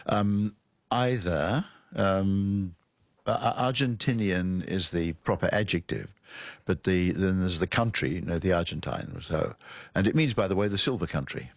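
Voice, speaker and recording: A man with a low, gravelly voice talks on a radio talk show as a guest language expert. He explains in a lecturing way and spells words out letter by letter. His voice sits close and dry on a studio microphone. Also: a little slow, dry recording.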